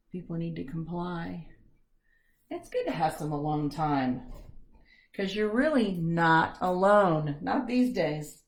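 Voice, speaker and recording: A woman art teacher leads a step-by-step painting lesson from home. Her voice sits low with a gravelly fry. She talks in a chatty, self-deprecating way and slips in corny jokes. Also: darkish tone.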